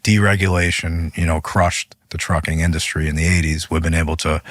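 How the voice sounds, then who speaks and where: Man, union leader guest, very low husky voice, animated storytelling. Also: brisk, no room sound, clean studio sound. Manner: animated, voice rises when retelling arguments. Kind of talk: interview storytelling.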